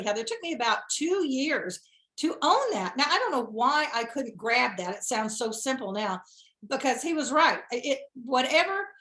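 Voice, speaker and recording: A chatty middle-aged woman with a fairly high voice, talking as an interview guest. She tells her story in a laughing, self-deprecating way. The sound carries a noticeable room echo. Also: bright, forceful tone. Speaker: guest speaker. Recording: echoey room.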